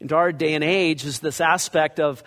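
Preacher with a fairly high voice, echoing hall. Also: male voice, steady tone, moderate pace, a bit bright. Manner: conversational preaching that acts out scripture quotes. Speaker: pastor. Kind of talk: expository sermon. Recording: long reverb of a large hall.

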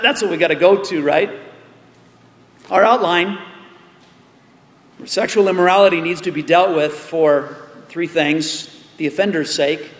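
Man, pastor, high voice, animated sermon with jokes, echoey church hall with long reverb. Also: gravelly. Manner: animated, joking asides, repeats words.

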